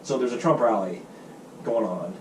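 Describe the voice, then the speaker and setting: A man hosting a podcast, telling stories quickly and crudely and acting out other people's lines. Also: fairly low pitch, expressive, slight background noise. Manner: fast, profane storytelling, acts out quotes. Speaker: podcast host. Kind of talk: casual chat. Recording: echoey room, mic at a distance.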